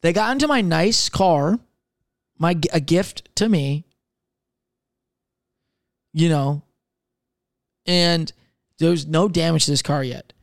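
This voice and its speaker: A man's voice: fairly high pitch, takes it slowly, gravelly, long pauses, no echo, studio quality. A young man in casual podcast chat, rambling with lots of fillers and swearing as he tells personal stories. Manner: rambling, profane, filler-heavy.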